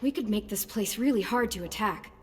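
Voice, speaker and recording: A woman voicing a steady, protective teenage survivor girl who talks calmly and earnestly. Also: mid-range voice, fairly quick, over a noisy crowd, close to an everyday voice. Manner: calm, earnest, persuasive.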